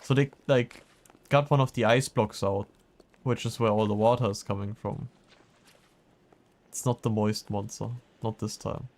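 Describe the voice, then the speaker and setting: A man's voice: on the low side, fairly even intonation, normal speed, creaky, pauses often, darkish tone. A man streaming a game and chatting casually, laughing often as he plays. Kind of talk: casual gameplay chat.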